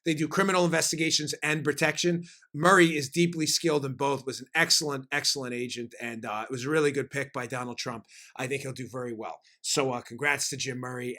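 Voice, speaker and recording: A man hosting a political commentary podcast, talking in an animated, emphatic way with frequent fillers. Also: medium pitch. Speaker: podcast host.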